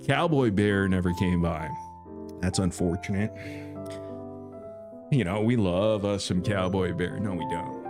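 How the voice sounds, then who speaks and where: A man's voice: low-pitched, measured pace, pauses often, music in the background. A man hosting a casual live stream, reading viewer comments aloud and teasing one chatter in a playful, crooning way.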